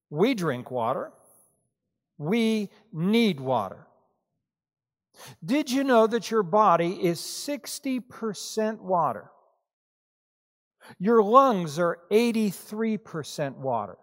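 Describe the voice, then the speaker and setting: A man preaching a sermon, reading scripture and then telling a joke and talking to his congregation. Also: sits high. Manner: storytelling, joking with the congregation. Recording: reverberant hall sound.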